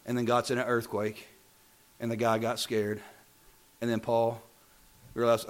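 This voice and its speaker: Guy preaching, starts easy then gets loud and fired up, keeps repeating lines. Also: mid-range voice, measured pace. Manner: builds from calm talk to loud impassioned preaching; repeats phrases with emphasis. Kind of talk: sermon.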